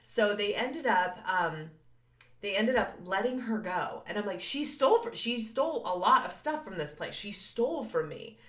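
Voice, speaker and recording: Brief: lively woman podcaster, storytelling with laughs, roomy echo. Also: mid-range voice. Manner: animated, laughing, acts out voices of others. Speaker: podcast co-host. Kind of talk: casual storytelling chat. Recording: echoey room.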